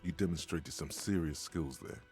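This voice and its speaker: Super deep dry game narrator, slow and wry. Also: male voice, a little mellow, breathy edge, dry recording, soft background music, full character voice. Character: wry male narrator inner voice.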